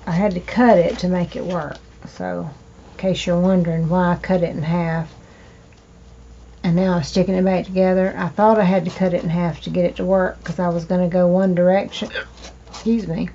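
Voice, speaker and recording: A woman hosting a crafting video, chatting slowly to herself while she trims and glues, with hiccups now and then. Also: on the low side, little pitch movement, creaky, dark tone. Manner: slow, chatty, talking to herself while working. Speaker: crafting channel host. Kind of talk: casual crafting narration. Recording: dull lo-fi home recording with faint noise.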